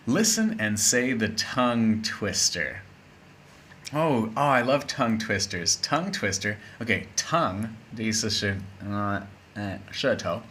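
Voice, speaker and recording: A man's voice: on the low side, lively intonation, unhurried, bright, forceful tone, slight background noise. A man teaching an English lesson in a casual, playful, chatty way, with spoken asides.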